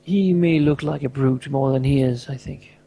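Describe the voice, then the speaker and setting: A man's voice: medium pitch, moderate pace, vocal fry, dark tone, husky. A tabletop player voicing Laurel, a weary, pragmatic man, speaking dryly with hesitations. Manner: tired, dry, hesitant.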